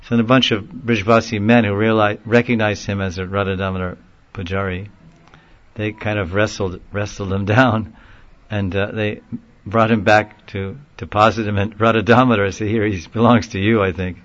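A man telling a long story in a casual, rambling way, often laughing and getting animated when he quotes people. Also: on the low side, normal speed, muffled recording. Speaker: speaker recounting a story in a class. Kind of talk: informal storytelling talk.

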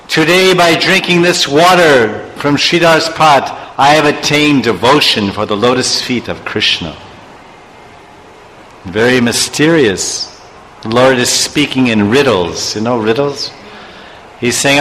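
A man's voice: mid-range voice, measured pace, a bit bright, in a large hall, a little hiss or hum, low-quality recording. A man teaching a sermon through a story, with chuckling asides and chanted verses. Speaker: spiritual teacher.

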